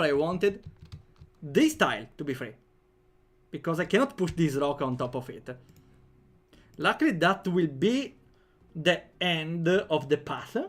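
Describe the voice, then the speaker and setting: A young man with an Italian accent chatting playfully on a livestream while programming, laughing often and joking with chat. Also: fairly high pitch. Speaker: game developer streamer.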